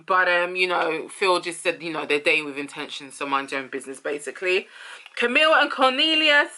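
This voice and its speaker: A woman's voice: low-pitched, steady tone, fast talker, bright, forceful tone. A woman giving casual, opinionated commentary on a reality show, talking in a chatty way with many fillers. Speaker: reality TV reviewer.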